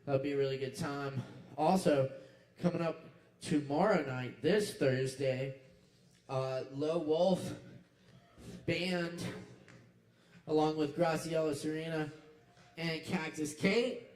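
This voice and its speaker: A man hosting a poetry open mic in a kava bar, making casual announcements with a relaxed drawl and lots of fillers. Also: fairly high pitch, slow, pauses often. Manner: laid-back, drawling, many fillers. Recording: roomy live venue sound.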